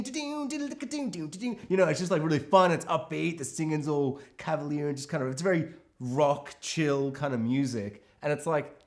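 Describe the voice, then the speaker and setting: A man co-hosting a film podcast, talking casually and animatedly, swearing and acting out characters. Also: a little high. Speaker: podcast co-host.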